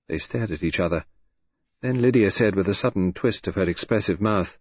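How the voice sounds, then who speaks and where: Low, husky male audiobook narrator. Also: moderate pace, darkish tone, no room sound. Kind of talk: scripted narration. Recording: dull, dry lo-fi recording.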